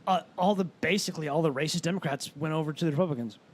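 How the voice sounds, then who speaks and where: A man's voice: a little high, rapid-fire, slight background noise. A man in casual podcast chat, telling long, rambling stories and swearing often. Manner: rambling animated storyteller who swears often.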